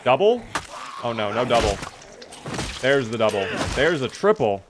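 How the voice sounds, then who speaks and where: A man's voice: mid-range voice, expressive, normal speed, noisy background. A tired young man streaming a survival game, chatting casually and thanking viewers by name. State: tired, yawning. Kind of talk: casual live-stream commentary.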